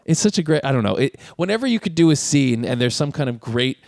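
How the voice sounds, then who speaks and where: A man's voice: mid-range voice, fast, creaky, dry recording, clean studio sound. A man co-hosting a casual film podcast, retelling scenes with frequent laughter. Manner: animated, laughs often while retelling scenes. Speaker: podcast co-host.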